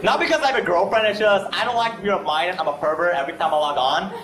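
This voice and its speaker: Quick-paced and high-voiced, a man does self-deprecating stand-up and crowd work on a comedy club stage before a live audience. The echoey recording is very noisy, with a loud crowd and audience laughter.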